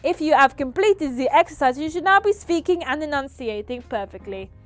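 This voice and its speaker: Woman doing a bad put-on accent for a mock speech-coach read: high, bouncy, emphatic. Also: expressive, a little fast, dry recording, faint music behind. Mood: mock-earnest. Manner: loud, emphatic mock-instructional reading.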